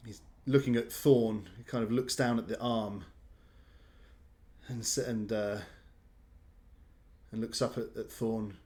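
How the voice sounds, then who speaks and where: A man's voice: on the low side, fairly even intonation, slow, pauses often, a little mellow. A man narrating as game master of a tabletop game, talking hesitantly with many ums and restarts.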